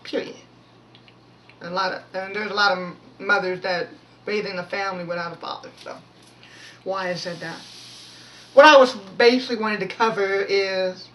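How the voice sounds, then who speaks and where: A woman giving a casual, rambling devotional talk with a prayer, often restarting her sentences and pushing her voice to be loud. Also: medium pitch. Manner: rambling, many restarts, pushes to speak loud. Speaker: devotional video speaker. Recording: voice from far off the mic, faint noise.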